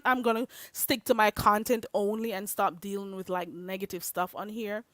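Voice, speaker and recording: A woman's voice: medium pitch, fairly bright tone, no echo. A young Caribbean woman with a Jamaican accent, ranting at her live chat in a confrontational way and slipping into patois. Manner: confrontational, heated, slips into patois. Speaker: livestreamer. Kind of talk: livestream rant to chat.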